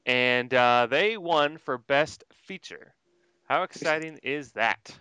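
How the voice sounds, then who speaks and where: Man, podcast host, bright tone, dry close mic, joking, upbeat. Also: medium pitch, takes it slowly, clean tone, dry recording. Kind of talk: casual podcast chat.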